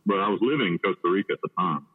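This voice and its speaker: A man from the United States telling a story in blunt, profane talk, halting with many restarts. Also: low voice, lively intonation, slightly rough. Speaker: podcast guest. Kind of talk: casual storytelling. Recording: tinny phone-like line with long reverb.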